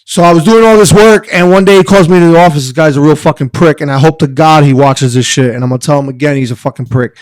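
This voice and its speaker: Man, pitched high, cursing, fired up, dry studio sound. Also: quick pace, hardly any pauses, no room sound, poor audio. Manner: profane, animated, heated. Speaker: podcast guest, wrestler. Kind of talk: casual storytelling.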